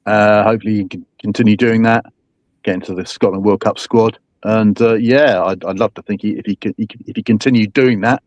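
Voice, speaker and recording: A man talks about football in a rambling, hesitant way, with many fillers and restarts. His voice is fairly low and the sound is dry. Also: steady tone, fairly quick, darkish tone, no room sound, dull audio. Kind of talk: casual football chat.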